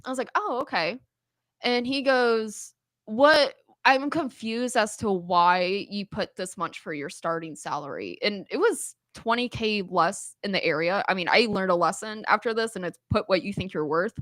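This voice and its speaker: Woman, podcast guest, bright voice, dry close sound, animated chatty storytelling. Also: mid-range voice, moderate pace, no echo. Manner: animated storytelling, frequent "like" and laughter. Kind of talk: casual chat.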